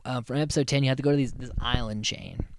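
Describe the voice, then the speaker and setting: A man's voice: mid-range voice, steady tone, fast talker, slight background noise. A man hosting a podcast, recapping a reality show in a loose, rambling way with plenty of swearing. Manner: rambling, profane, loose storytelling. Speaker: podcast host.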